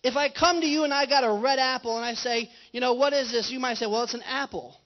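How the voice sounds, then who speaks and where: Pastor preaching over dull livestream audio. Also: male voice, very high-pitched, fast talker. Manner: conversational, asks the congregation questions. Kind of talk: sermon. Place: church.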